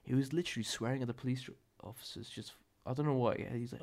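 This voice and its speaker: Rambling young man, gravelly voice. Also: medium pitch, steady tone, fast, hardly any pauses, a little mellow. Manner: rambling, profane and self-correcting. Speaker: podcast host. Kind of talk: casual solo podcast storytelling.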